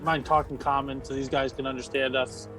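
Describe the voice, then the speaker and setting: A man's voice: medium pitch, level tone, brisk, over music. Casual joking man playing a game. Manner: casual, joking, swears freely. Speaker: player. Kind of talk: casual tabletop play.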